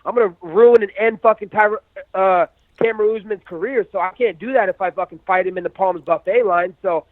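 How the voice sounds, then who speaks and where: Brash fighter in his thirties, trash-talking by phone, high voice, tinny and dry line. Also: a little fast, no room sound. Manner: brash, profane trash talk; acts out quotes in raised voice. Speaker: MMA fighter, guest. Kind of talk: phone interview.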